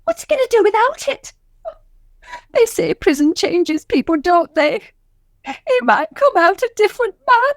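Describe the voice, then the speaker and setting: A woman playing a fretful, scheming middle-aged wife in a radio sitcom, excitable and fussy. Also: very high voice, unhurried, no echo, clean studio sound, heavily acted. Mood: fussing.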